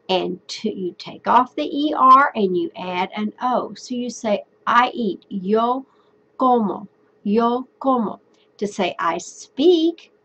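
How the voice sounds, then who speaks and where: A woman teaching a recorded Spanish lesson, patiently explaining step by step and repeating phrases slowly. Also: on the high side, husky, lo-fi sound.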